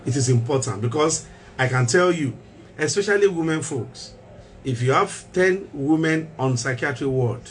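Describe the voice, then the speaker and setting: A man's voice: fairly high pitch, animated, moderate pace, a little hiss or hum. A man hosting a mental health talk show as a doctor, speaking emphatically, repeating key phrases and asking rhetorical questions.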